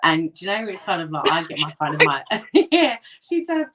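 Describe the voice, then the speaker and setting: A woman with a North London accent talks in a relaxed, chatty way as an interview guest. Her voice sits low, and she fills her stories with ums and quick laughs. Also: heavy background noise. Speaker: ghost hunt company owner, guest. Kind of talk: casual interview chat.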